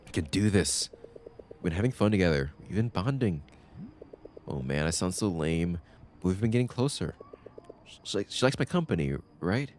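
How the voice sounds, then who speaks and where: Man, low voice, very animated pitch, game streamer reading dialogue aloud, faint hiss behind. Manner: lively, reads game lines in his own voice with quick asides. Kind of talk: casual let's-play, reading dialogue aloud.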